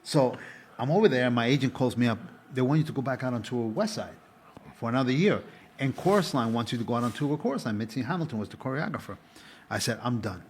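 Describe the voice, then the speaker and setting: A man's voice: mid-range voice, animated, fast talker, a little mellow, slight background noise. A middle-aged man, a former stage actor, talking as a guest in a rambling, casual chat. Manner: rambling, with restarts.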